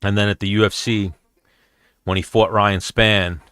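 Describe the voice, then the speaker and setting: A man's voice: fairly low pitch, steady tone, measured pace, fairly bright tone, clear, resonant tone, dry recording, clean studio sound. A man hosting his show, chatting casually and profanely as he reacts and tells stories. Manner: profane, storytelling. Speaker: show host.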